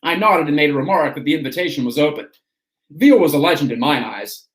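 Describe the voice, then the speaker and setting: A man hosting a stream, reading an autobiography aloud in a steady storytelling way. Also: a little high, quick pace. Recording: roomy echo.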